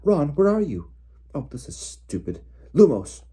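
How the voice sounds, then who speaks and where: A man's voice: low-pitched, warm tone, breathy edge. A man putting on an anxious teenage girl. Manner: quick and anxious.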